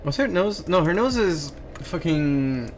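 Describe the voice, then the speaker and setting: Excitable young man streaming with lively pitch. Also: unhurried, a little hiss or hum. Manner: excitable, jumps into silly voices and laughs. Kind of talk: casual stream chat while drawing.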